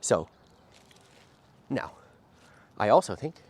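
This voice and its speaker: A man's voice: fairly low pitch, expressive, moderate pace. A man working as a dog trainer, explaining while he walks a dog outdoors, with a habit of asking "right?" after short phrases. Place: outdoors by a street. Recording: faint outdoor noise.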